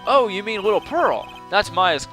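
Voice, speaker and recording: A man voicing a fussy old head nun with a bad back, in a put-on Southern US accent, high and fretful. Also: big pitch swings, normal speed, over music.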